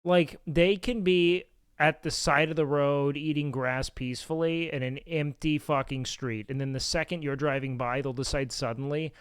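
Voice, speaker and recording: A man streaming, telling rambling, profane stories in a casual, animated way on a close mic. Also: on the high side, moderate pace, smooth, no room sound. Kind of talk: casual storytelling chat.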